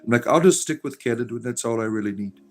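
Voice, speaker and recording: Man, middle-aged, livestream host, casual rambling chat, mid-pitched voice, lots of uh and let's see, faint music underneath. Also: fast talker, a little mellow. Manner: rambling, many fillers, reads viewer comments aloud.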